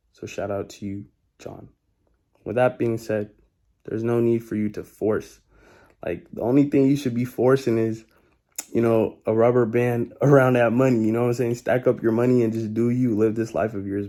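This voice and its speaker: Laid-back young man, mellow voice. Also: on the low side. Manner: laid-back and slangy, repeats his key points. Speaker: vlogger giving life advice. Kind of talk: casual motivational talk.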